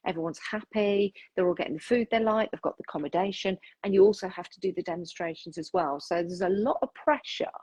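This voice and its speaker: A woman's voice: on the low side, fast, hardly any pauses, a little mellow, slightly rough, poor audio. A woman hosting a casual interview, asking questions in a chatty, encouraging way. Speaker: interviewer host.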